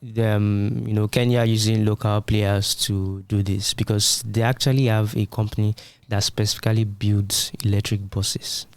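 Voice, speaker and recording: Low-voiced man explaining on a podcast. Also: little pitch movement, normal speed, few pauses, clean tone, dry recording. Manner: explanatory, uses everyday analogies. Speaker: podcast co-host. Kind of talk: casual tech discussion.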